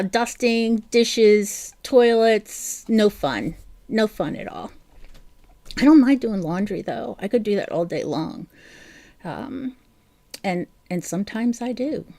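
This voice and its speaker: A woman's voice: mid-range voice, a little mellow, dry recording. A middle-aged woman hosting a live crochet stream, chatting casually and reading viewer comments aloud.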